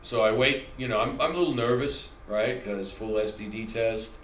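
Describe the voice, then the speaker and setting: A man's voice: on the low side, moderate pace, a bit bright, slight background noise. Middle-aged man telling a story in a roomy space. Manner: conversational, rambling, self-correcting storyteller. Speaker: channel host. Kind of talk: personal storytelling monologue. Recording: echoey room recording with faint ambience.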